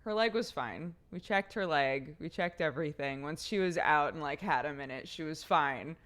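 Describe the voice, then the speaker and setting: A young adult woman streamer telling a story in casual chat, animated and chatty. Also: low voice, moderate pace.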